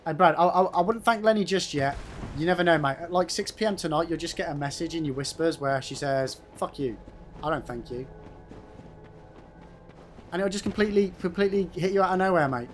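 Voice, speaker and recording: Young guy streaming a game, cursing a lot, chatting back at viewers, voice sits a bit high. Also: fast, soft background music. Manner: swears a lot, banters with chat. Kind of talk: casual live commentary while playing and reading chat.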